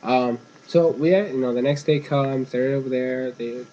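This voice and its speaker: A young man talks through an episode in a loose, rambling recap, drifting off track and doubling back. His voice sits at an ordinary middle pitch. The recording is dull and lo-fi, with a faint hiss underneath. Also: a little slow, mellow. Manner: rambling, meandering, casual. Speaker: episode reviewer.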